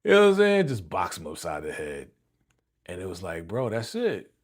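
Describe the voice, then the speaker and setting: A man hosting a live reaction stream, excitedly retelling a TV episode in slangy, chuckling casual talk. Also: low voice, brisk.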